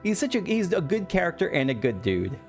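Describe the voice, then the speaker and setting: A man's voice: high voice, sing-song, a little fast, gravelly. Guy doing a let's play, chatty and kinda rambly, voice goes up and down a lot, bit of game music in the back. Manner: chatty, reflective asides with filler words. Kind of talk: gameplay commentary reading dialogue aloud.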